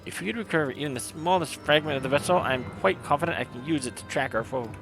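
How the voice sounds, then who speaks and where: Brisk, confident male engineer in a game, wordy and quick, read by a man. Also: on the high side, vocal fry, music in the background.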